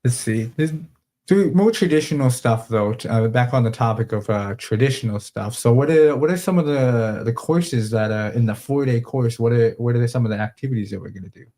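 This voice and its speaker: A man's voice: mid-range voice, a little fast, mellow. A man in casual live-stream chat, telling stories earnestly with many restarts.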